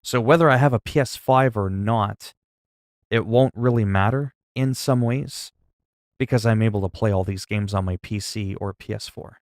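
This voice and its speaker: A man's voice: fairly low pitch, moderate pace, no echo, studio quality. A man chatting casually on a game livestream, rambling, joking and reading the chat aloud into a desk mic. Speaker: gaming livestreamer.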